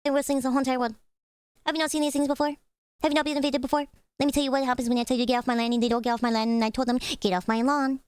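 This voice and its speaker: A woman's voice: high-pitched, level tone, smooth, no echo, close to an everyday voice. A woman putting on a grumpy old man ranting. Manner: slow, drawn-out ranting, repeating himself. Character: grumpy old man warring on lawn-invading ants.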